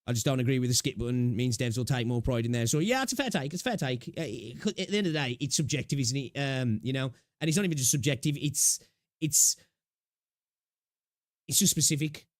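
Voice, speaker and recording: A man's voice: medium pitch, a little mellow, no echo, clean studio sound. A man streaming and reacting to a clip, rambling casually with many fillers and the odd swear.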